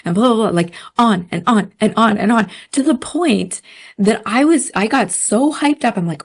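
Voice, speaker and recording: A woman telling a story in casual podcast chat, animated, laughing often and using many fillers. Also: mid-range voice, a little fast. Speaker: podcast guest.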